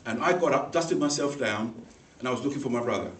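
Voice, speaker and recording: A man giving a humorous personal story as a speech, animated and acting out the people in it. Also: medium pitch, fast talker. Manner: animated, acts out voices in the story, laughs along. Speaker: speaker at a speaking club. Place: meeting room. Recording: echoey room, mic far off, faint noise.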